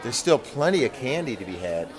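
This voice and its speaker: Man, event host, upbeat playful banter, lively swinging pitch, crowd chatter behind. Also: brisk. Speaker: roving host greeting trick-or-treaters. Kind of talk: on-the-spot event coverage. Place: busy theatre at a Halloween event.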